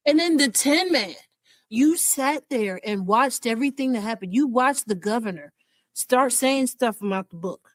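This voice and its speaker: A woman co-hosting a casual entertainment podcast, talking in an animated, emotional way. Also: on the high side, normal speed, no room sound. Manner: animated, emotional, acts out quotes. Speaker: podcast co-host. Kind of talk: casual chat.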